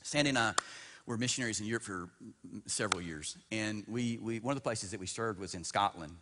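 A man in his fifties, a pastor preaching a sermon, swinging between loud emphatic bursts and hushed storytelling and repeating words as he builds up. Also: lowish voice, fairly quick, noisy background. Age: 50s. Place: church sanctuary. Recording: long church-hall reverb.

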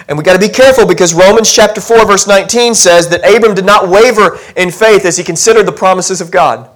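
In a church sanctuary, a male pastor with a slightly high, fairly bright voice gives a conversational sermon. He's chatty and self-deprecating, asking the congregation questions.

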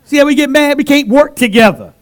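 High, lively preacher in full swing. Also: male voice, fairly quick. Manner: call-and-response preaching, swinging from loud exclamations to soft asides. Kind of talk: sermon. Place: church. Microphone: handheld mic.

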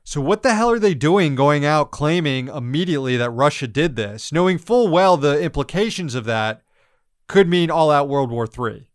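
A man's voice: on the high side, animated, normal speed, no echo, studio quality. A man hosting a podcast, giving blunt, sarcastic commentary on the news with frequent laughs and swearing. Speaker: podcast host.

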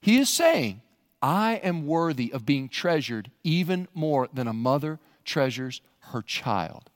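A male pastor preaching a sermon in a church, animated and rising to near-shouts for emphasis. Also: on the high side, measured pace, long reverb tail. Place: church sanctuary.

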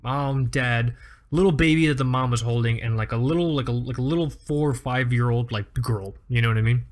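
A man's voice: mid-range voice, brisk. A man in his thirties co-hosting a podcast, telling exaggerated, profane stories in a casual comedic chat. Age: 30s. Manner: animated storytelling, profane, exaggerated. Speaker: podcast co-host.

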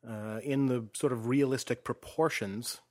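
Hosting a relaxed film discussion, a man lays out his opinions in a measured manner, letting his phrases fade softly at the ends. His voice sits in the mid range and keeps a steady tone.

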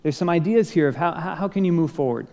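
A man's voice: fairly high pitch, fast talker, a little mellow. A man preaching a sermon as pastor, conversational and lightly humorous, acting out bits of dialogue. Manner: conversational, self-deprecating humor, acts out dialogue. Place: church sanctuary. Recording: long reverb of a large hall.

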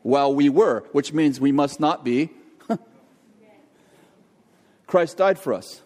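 An older man preaching a sermon, telling a jokey family story in an animated way. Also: on the high side, takes it slowly. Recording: long hall reverb.

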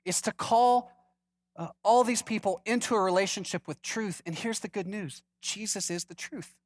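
A man's voice: sits high, normal speed. A male pastor preaching a sermon with humor, acting out the people in the story in different voices. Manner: lively, acts out quoted voices for humor.

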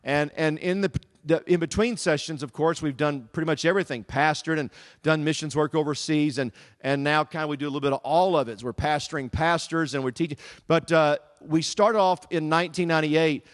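Southern US man, middle-aged, guest preacher, lively joking storyteller, voice sits a bit high. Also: fairly quick. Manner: animated, humorous storytelling. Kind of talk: sermon. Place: church service.

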